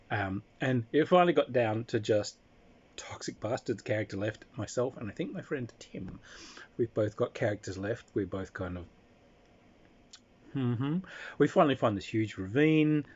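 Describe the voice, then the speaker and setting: A man recounts a playful tabletop game anecdote in casual talk, slipping into acted-out character voices. His mid-range voice is darkish and husky, and the audio sounds dull.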